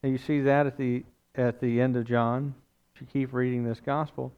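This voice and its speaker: A man's voice: medium pitch, moderate pace, clear, resonant tone. Man, pastor, sermon, conversational storytelling, resonant voice, slightly muffled recording. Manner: conversational, animated storytelling with asides.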